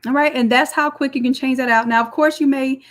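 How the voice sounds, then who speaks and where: A woman walking through a design software tutorial step by step in a chatty, explaining way. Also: sits high, steady tone, fast. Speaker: design instructor. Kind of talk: screen-recorded software tutorial.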